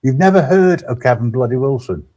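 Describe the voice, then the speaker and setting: A man's voice: medium pitch, expressive, brisk, darkish tone, no room sound. Laid-back teasing male streamer. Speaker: stream co-host. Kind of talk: casual chat.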